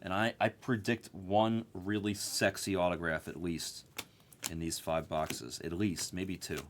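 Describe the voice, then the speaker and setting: A man hosting a live card break, telling a story in an animated, profane rant. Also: sits low, measured pace, a little hiss or hum.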